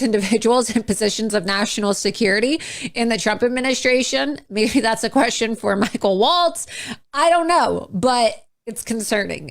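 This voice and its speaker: A woman political commentator speaking in a sarcastic tone, with chuckling asides, in a played clip. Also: medium pitch.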